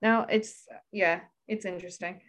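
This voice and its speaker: A woman's voice: lowish voice, steady tone, normal speed, a bit bright. A woman guesting on a podcast, speaking in an earnest, reflective way, with lots of "like" fillers. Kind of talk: casual conversation.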